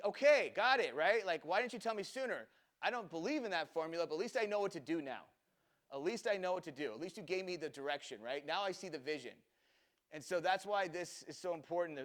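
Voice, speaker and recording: A man leading a restaurant training seminar, talking energetically, acting out little dialogues and often checking in with "right?". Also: a little high. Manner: animated, acts out dialogue, many "right?" tag questions. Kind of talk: energetic seminar talk to an audience.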